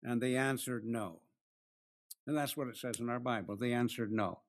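A man preaching an expository sermon with a voice that sits at an everyday middle pitch. He works through a passage line by line, slowing down to press home the key phrases. He acts out the quoted lines with small shifts of voice. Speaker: pastor.

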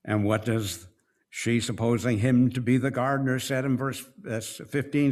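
A middle-aged man preaching a sermon, slow and deliberate, swinging between hushed and raised passages. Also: medium pitch. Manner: slow, with dramatic swings between soft and loud.

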